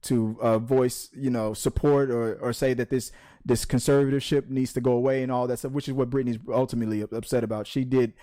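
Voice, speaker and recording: A man hosting a casual news panel, talking in halting bursts full of restarts, with dry sarcastic asides. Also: medium pitch, steady tone, warm tone. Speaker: podcast host.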